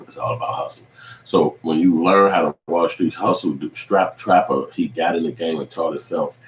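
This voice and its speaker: A man with a low voice hosts his own online show, delivering a loose, profane recap monologue with acted-out quotes at a slightly fast pace. He sounds distant from the mic, in an echoey room with faint ambient noise.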